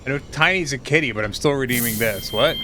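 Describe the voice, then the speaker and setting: A man's voice: medium pitch, fast talker, over music. A man streaming live, chatting casually and teasingly with his viewers while tired and rambling.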